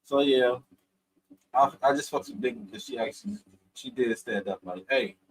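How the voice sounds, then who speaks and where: A man's voice: medium pitch, normal speed, husky, low-quality recording. A man casually recapping a reality show, slangy and profane, laughing often as he talks. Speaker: reality TV reviewer.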